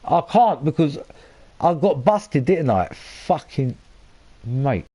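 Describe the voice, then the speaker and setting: A young man talks his viewers through a racing game. He swears freely and gets heated when things go wrong. His voice sits a little high. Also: lively intonation, takes it slowly, mellow, slightly rough. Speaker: live-streaming gamer. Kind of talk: casual gameplay commentary.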